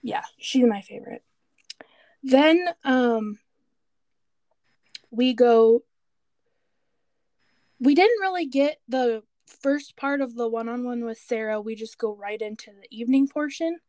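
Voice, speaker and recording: A woman co-hosting a podcast, chatting casually and retelling scenes with animated quoted voices. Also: a little high, slow, long pauses, dry recording. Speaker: podcast co-host. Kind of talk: casual chat recapping a TV show.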